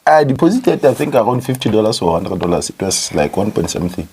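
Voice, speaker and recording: A man, co-hosting a podcast, teasing and animated in casual chat. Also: on the low side, quick pace, a little hiss or hum. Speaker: podcast co-host.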